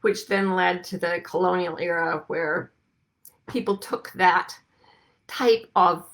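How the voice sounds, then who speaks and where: A woman's voice: fairly low pitch, takes it slowly, fairly bright tone. A middle-aged woman hosting, talking casually and playfully to an online audience and greeting listeners by name. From United States. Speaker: host.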